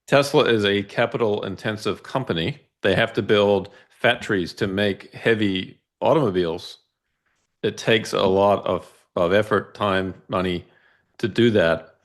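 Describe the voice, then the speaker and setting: A man with a fairly low voice explains financial charts in a methodical, conversational way. He steps through each figure carefully and often checks in with a quick "right?". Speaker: investment analyst guest. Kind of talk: casual financial discussion walking through charts.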